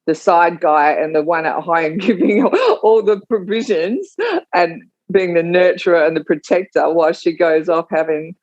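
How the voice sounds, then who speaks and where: A woman's voice: fairly low pitch, normal speed, a little mellow, no room sound, dull audio. A woman in a casual chat who hesitates and restarts often as she pushes back on the others' points.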